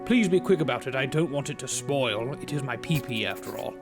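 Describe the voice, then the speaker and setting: A man's voice: mid-range voice, animated, brisk, over music, natural voice. A man voicing the town mayor of a video game in a sing-song, jokey way. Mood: mock-polite.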